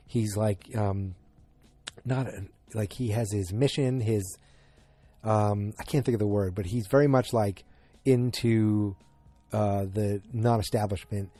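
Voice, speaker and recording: Male podcast host, casual recap, halting and rambling delivery, dry close sound. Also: lowish voice, steady tone, warm tone, no room sound. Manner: rambling, halting, many fillers and restarts.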